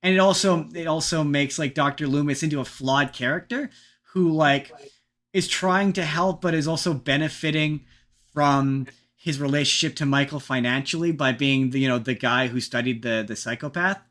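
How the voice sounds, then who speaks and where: Male podcast host, casual and rambling, bright and slightly high. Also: normal speed. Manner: rambling, animated, restarts often, casual swearing. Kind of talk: casual chat.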